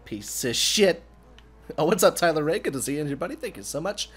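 A young man streaming a game live with friends, excitable and profane, yelping and laughing as he plays and thanks viewers. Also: fairly high pitch, brisk. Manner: excitable, swears a lot, yelps and laughs. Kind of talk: casual gaming livestream chat.

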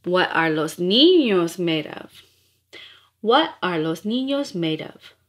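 A woman's voice: on the low side, big pitch swings, slow pace. Sing-song woman reading nursery rhymes. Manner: sing-song, playful, rhythmic. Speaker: storyteller.

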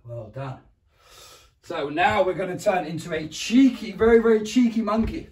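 Upbeat English PE teacher, echoey room. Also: male voice, lively intonation, moderate pace, a little mellow. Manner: encouraging, counts down and praises often; makes animal noises, roars and squeaks. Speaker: primary school PE teacher. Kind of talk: home PE lesson for young children. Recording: echoey room, mic far away.

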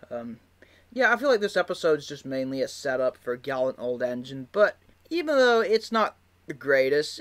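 A man's voice: mid-range voice, a bit bright. A man giving casual, rambling video commentary, with many fillers and frequent laughs. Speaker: video creator.

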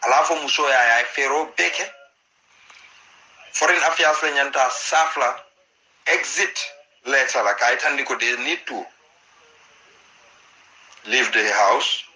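A man's voice: medium pitch, a little slow, long pauses, pushed and bright, poor audio. A Gambian man giving impassioned political commentary, repeating his points for emphasis. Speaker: political party activist.

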